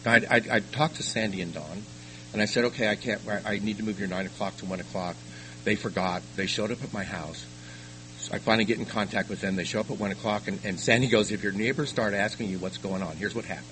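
Older guy sharing his story at a meeting, lowish voice but forceful, keeps restarting sentences, faint hum behind. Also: low-quality recording. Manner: halting storytelling with repeated restarts. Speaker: recovery meeting speaker. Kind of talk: personal testimony talk. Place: meeting room.

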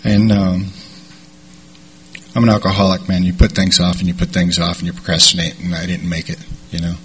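A middle-aged man sharing a recovery story in a rambling, halting way, with many fillers. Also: low voice, level tone, fairly bright tone, slight background noise. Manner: rambling, halting delivery with repeated "and, uh". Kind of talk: personal storytelling talk.

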